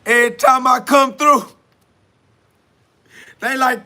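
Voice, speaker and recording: High, bright man preaching casually. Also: lively intonation, takes it slowly, creaky, pauses often. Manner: emphatic, street slang mixed with preaching. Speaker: podcast host. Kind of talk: casual preaching monologue streamed live.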